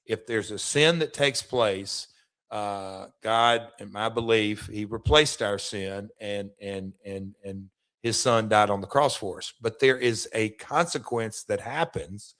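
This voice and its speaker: A man's voice: on the low side, takes it slowly, a bit bright. A middle-aged man, hosting a chat show and telling stories in a rambling way, full of restarts and stammers. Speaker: podcast host, former wrestler. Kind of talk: casual storytelling chat.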